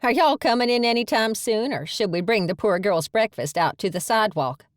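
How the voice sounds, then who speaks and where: A woman's voice: a little fast, no room sound, clean studio sound, lightly acted. A woman voicing a bubbly, teasing tiny female pixie in an audiobook. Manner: shrill and excitable. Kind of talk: audiobook character voice.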